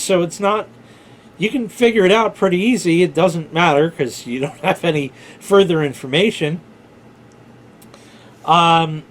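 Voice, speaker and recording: A man casually telling a rambling personal story, informal, with filler words and the odd swear. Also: sits high. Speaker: vlogger.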